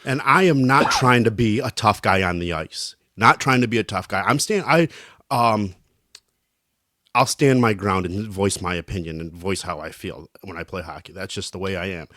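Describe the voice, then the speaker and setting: A man with a lowish voice tells a rowdy story on a podcast, jumping into the voices of the people he quotes. The sound is dry and close, with no room around it. He talks casually and swears freely. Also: moderate pace, pushed and bright, no room sound. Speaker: podcast co-host.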